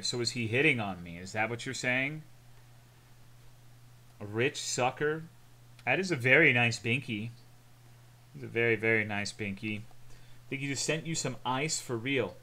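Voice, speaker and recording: A man's voice: medium pitch, normal speed, long pauses, bright, forceful tone. A man streaming, chatting casually in a rambling, jokey way and reading chat aloud.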